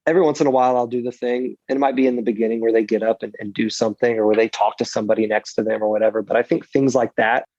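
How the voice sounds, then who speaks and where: A man who speaks and preaches for a living, answering interview questions in an animated, self-deprecating way with frequent restarts. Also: mid-range voice, racing, few pauses, no echo, highs cut off.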